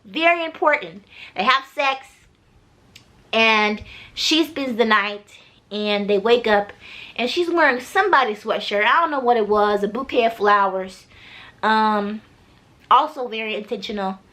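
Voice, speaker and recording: A young woman with a high, bright voice talks through a TV episode recap. She is chatty and animated, and she breaks off into slangy asides straight to her viewers. It plays as a casual home review. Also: measured pace. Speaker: TV recap vlogger.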